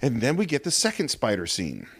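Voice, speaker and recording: A man's voice: mid-range voice, a little fast, husky. A man co-hosting a podcast, telling film stories in casual talk and acting out the quotes. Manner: animated storyteller, acts out quotes. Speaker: podcast co-host.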